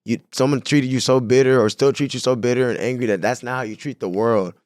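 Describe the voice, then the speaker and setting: A man's voice: mid-range voice, steady tone, quick pace, darkish tone, dry recording, studio quality. A young man from San Diego, a guest telling stories in a casual podcast interview, laid-back and full of slang. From San Diego, California. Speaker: guest, clothing brand owner.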